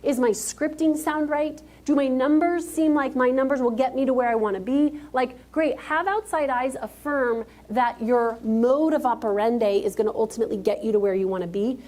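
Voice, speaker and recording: On stage, a woman with a slightly high, mellow voice delivers a motivational keynote. She speaks emphatically and directly, calling out to the live crowd.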